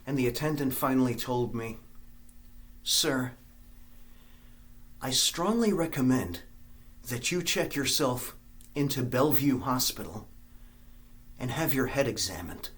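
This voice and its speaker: A man with a Scottish accent telling a comic story to his viewers, theatrical, breaking into sung snatches and swinging from loud to hushed. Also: medium pitch. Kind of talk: comic monologue.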